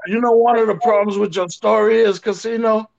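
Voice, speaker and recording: A man's voice: sits high, fairly even intonation, a little fast, gravelly, a little mellow, dull audio. A man on a casual podcast, arguing firmly and pressing his point on his co-host.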